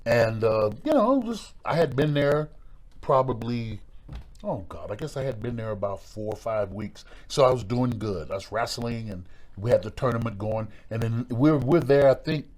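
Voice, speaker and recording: A middle-aged man, a former pro wrestler, telling stories in a relaxed interview, with a lively way of talking that acts out voices and repeats words. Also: medium pitch, moderate pace. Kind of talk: storytelling in a podcast interview.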